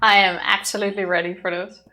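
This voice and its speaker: A woman's voice: medium pitch, level tone, fast, bright, forceful tone, faint music behind. A woman co-hosting a let's play, chatting casually about the game in a playful, giggly way. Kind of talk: casual gameplay commentary.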